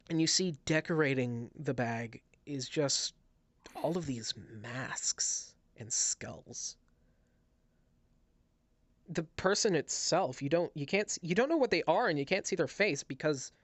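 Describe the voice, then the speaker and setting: A man narrating as game master, describing scenes with halting restarts. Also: fairly high pitch, lively intonation, no room sound. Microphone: headset.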